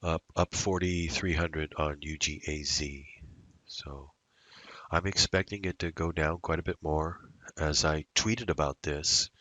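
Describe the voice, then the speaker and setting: A man's voice: a bass voice, steady tone, a little slow, bright, forceful tone, no room sound. A man day trading at his computer, narrating his moves in a rambling, casual way full of fillers. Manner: rambling, muttering to himself with fillers. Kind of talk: casual live trading commentary.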